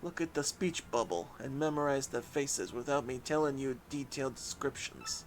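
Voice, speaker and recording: Man doing a gruff mafia boss voice. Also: medium pitch, lively intonation, moderate pace, slight background noise, lightly acted. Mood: smug. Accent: mock New York gangster. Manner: drawling tough-guy threats.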